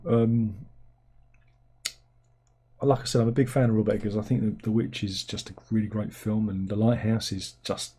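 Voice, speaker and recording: Man, livestream host, casual rambling chat, sardonic, mellow, slightly husky. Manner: rambling, sardonic, with incredulous high-pitched outbursts.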